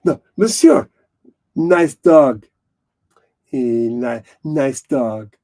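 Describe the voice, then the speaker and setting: A man's voice: fairly high pitch, expressive, extremely slow, mellow, heavily acted. A man putting on an exaggerated mock-French accent to voice a bumbling, pompous French police inspector in a comedy bit. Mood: mock-polite. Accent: put-on French.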